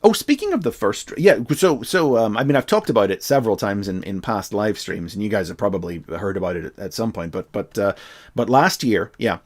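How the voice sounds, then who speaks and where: A man's voice: on the low side, expressive, a little fast. A man with a Northern Irish accent hosting a casual livestream, talking hesitantly with many fillers and restarts. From Northern Ireland. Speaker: livestream host.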